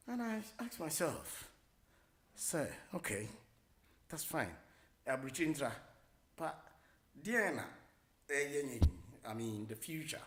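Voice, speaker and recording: A middle-aged man with a Ghanaian accent hosting a radio talk show, rambling casually, mixing English with Twi and filling pauses with many hesitations. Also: fairly high pitch, very animated, a bit bright. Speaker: radio host.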